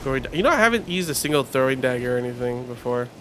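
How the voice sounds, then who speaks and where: A man giving casual live commentary while streaming a game, talking to his chat in an excitable, rambling, slangy way. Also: mid-range voice, racing, slight background noise. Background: game music.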